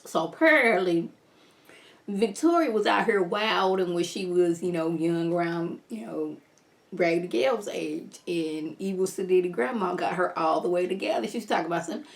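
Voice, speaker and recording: A woman giving a casual, animated video recap of a TV episode, chatting directly to her viewers. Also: fairly low pitch, moderate pace, creaky. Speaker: TV show reviewer.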